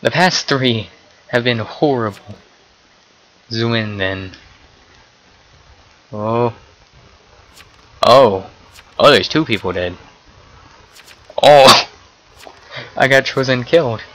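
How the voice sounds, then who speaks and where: A young man giving casual, excitable commentary while playing an online game, often swearing and exclaiming at what happens. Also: medium pitch, extremely slow, pauses often, a little hiss or hum, rough recording. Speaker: gameplay commentator.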